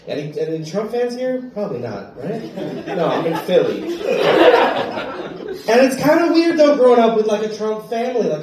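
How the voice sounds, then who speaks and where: A stand-up comedian from Wyoming works a club crowd, his voice pitched high and punchy, with bursts where he shouts. He sounds a bit off-mic, and the club room rings with heavy echo around him. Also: recorded from a distance. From Wyoming, USA. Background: audience laughter.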